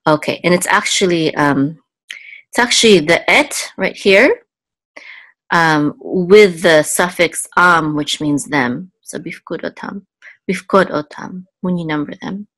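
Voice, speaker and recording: A woman with a very low voice teaches biblical Hebrew, going word by word with patient, careful explanations. She pauses often with ums and restarts. The sound is dry and close, with no room echo. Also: fairly bright tone.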